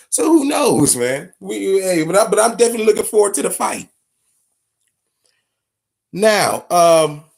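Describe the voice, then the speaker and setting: A man hosting a boxing talk show, telling stories in casual, profane, animated commentary. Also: a little high, gravelly. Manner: profane, storytelling, animated retelling.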